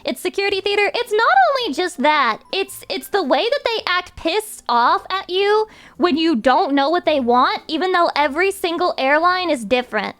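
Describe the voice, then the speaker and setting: A woman's voice: extremely high pitch, expressive, normal speed, fairly bright tone. A woman streamer chatting casually with her viewers in a profane, rambling rant.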